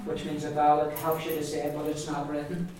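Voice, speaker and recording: A man's voice: a little high, completely flat delivery, fast. A man with an Ulster accent teaching a language class, carefully modelling sounds and drilling words aloud for his students. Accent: Ulster Irish English. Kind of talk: classroom pronunciation lesson. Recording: echoey room, mic far off, faint noise.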